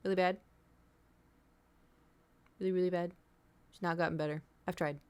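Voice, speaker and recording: A woman's voice: on the low side, fairly even intonation, normal speed, a little mellow, clean tone. A woman streamer chatting casually with viewers, telling a rambling story with swearing and the odd whispered aside. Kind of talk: casual chat.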